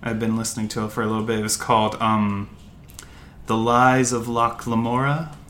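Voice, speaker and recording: A young American man with a lowish, bright, forward voice. He rambles through casual podcast chat, full of "um"s, "like"s and restarts. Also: slight background noise. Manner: rambling, many fillers and restarts. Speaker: podcast co-host.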